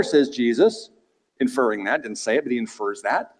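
A male preacher giving an expository sermon in a conversational, animated way, asking the listeners rhetorical questions. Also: medium pitch, normal speed. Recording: reverberant hall.

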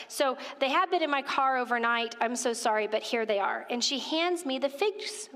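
A woman telling a story in a sermon, animated and chatty, talking straight to the people in front of her. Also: high-pitched, moderate pace, few pauses. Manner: animated, conversational, addresses listeners directly. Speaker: women's ministry speaker. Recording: reverberant hall.

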